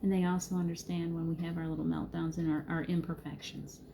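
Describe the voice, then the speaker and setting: Speaking fast in a deep, creaky, warm voice with a flat delivery, a middle-aged woman offers gentle spiritual encouragement during a live card reading. She laughs readily, calls out viewers by name and keeps things calm and reassuring, with slight background noise present.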